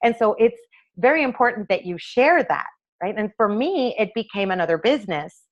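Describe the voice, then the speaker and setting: A woman in conversation, an eye doctor recounting her path into designing frames. She speaks at a mid pitch, brings quoted exchanges to life as she tells them, and the recording sounds a little dull and lo-fi. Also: moderate pace. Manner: animated storyteller acting out quoted dialogue. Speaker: optometrist and eyewear maker, interview guest. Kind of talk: conversational interview storytelling.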